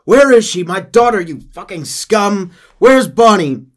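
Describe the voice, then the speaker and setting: A man putting on the voice of a distraught father shouting in anger during a podcast retelling. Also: high-pitched, animated, a little slow, voice pushed up. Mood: furious. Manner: shouting, frantic.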